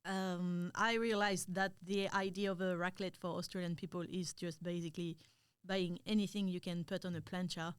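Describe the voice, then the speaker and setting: A woman's voice: on the low side, flat delivery, moderate pace, hardly any pauses, clean tone, dry recording. A young woman with a French accent, a podcast guest chatting casually with frequent ums and laughter. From France. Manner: laughs often, hesitant with many ums.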